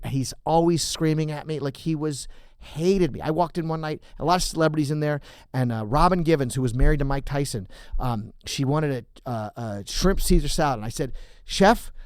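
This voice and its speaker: Fast-talking male comedian telling a story. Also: medium pitch, clean tone, no room sound, clean studio sound. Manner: animated, rambling, restarts, profane. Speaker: comedian, podcast guest. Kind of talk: storytelling on a podcast. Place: studio.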